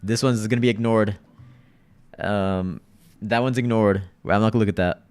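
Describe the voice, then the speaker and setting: A man's voice: on the low side, fairly even intonation, moderate pace, darkish tone, clean tone. A man hosting a livestream, chatting casually with viewers in loose slang and often repeating his phrases. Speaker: livestream host.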